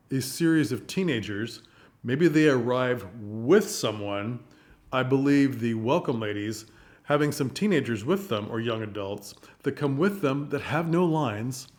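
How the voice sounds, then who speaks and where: Guy chatting about a play, kinda rambly, thinking out loud, regular mid voice. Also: mid-range voice. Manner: rambling, thinks aloud, animated asides. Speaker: theater reviewer. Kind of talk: casual spoken review.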